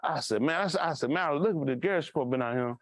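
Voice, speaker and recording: Man, pastor, high voice, lively storyteller, dry close sound. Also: rapid-fire, no room sound. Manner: animated, acts out voices in his stories. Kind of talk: casual storytelling sermon.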